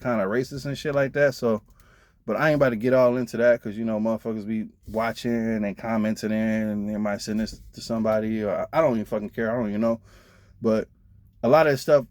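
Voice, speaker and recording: A man's voice: mid-range voice, darkish tone. Blunt, profane trucker man venting. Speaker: truck driver vlogger. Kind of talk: casual storytelling rant.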